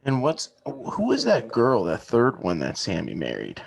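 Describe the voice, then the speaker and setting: A man's voice: medium pitch, huge pitch swings, unhurried, gravelly. A man in his thirties co-hosting a podcast, telling family stories in a casual chat and laughing through them. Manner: laughing storyteller, acts out family quotes. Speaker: podcast co-host.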